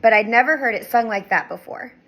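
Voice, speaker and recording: A woman reading a children's chapter book aloud with expressive storytelling. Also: on the high side, a little fast, low-quality recording. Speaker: reader.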